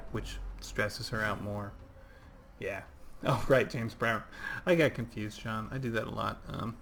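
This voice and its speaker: A man's voice: mid-range voice, a bit bright, a little hiss or hum. Man, 30s, livestream gamer; rambly, conversational play-by-play. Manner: rambling and chatty, reading out chat. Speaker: game streamer. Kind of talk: casual livestream gameplay commentary.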